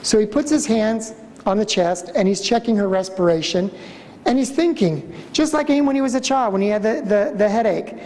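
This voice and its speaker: A man giving a storytelling conference lecture as a museum director, an animated speaker who acts out the voices in his stories. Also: high voice, moderate pace. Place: conference hall. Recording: reverberant lecture hall.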